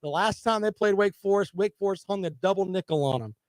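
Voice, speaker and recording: A man's voice: high-pitched, fairly quick, no echo. A man co-hosting a sports talk show, teasing his co-host in rowdy, joking banter. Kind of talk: casual sports chat.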